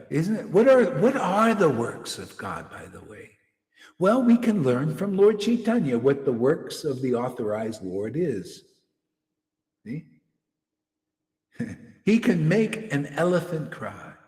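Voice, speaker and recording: A man's voice: a little high, sing-song, slow pace, a little mellow. A man giving an informal, confrontational devotional sermon, rambling and often asking "see?" to his listeners. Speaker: preacher. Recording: echoey hall with long reverb.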